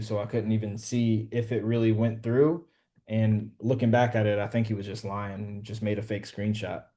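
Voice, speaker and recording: A man's voice: on the low side, warm tone. A man casually telling a story to a group on a call, slangy and profane, full of "bro" and "like". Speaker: real estate wholesaler coaching a group.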